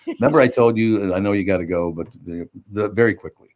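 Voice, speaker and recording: Older male radio host, very low voice, teasing storyteller. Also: fast, a little mellow. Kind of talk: casual radio chat.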